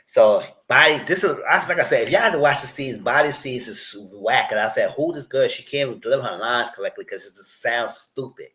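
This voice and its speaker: A man hosting a casual live recap, retelling scenes in a loose, animated way and quoting the characters as he goes. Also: mid-range voice, fairly quick, few pauses. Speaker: TV recap host.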